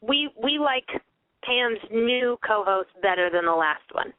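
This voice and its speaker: A woman's voice: fairly high pitch, expressive, unhurried, over a noisy crowd. A woman from the American South, a guest in a casual radio chat, playful and teasing. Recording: tinny phone-like radio line.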